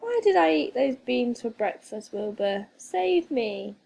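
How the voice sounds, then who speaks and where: A woman voicing an excitable, fretful witch in a children's storybook reading. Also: a little high, a little slow, vocal fry, heavily acted. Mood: grumbling. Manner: exclaiming, fretful.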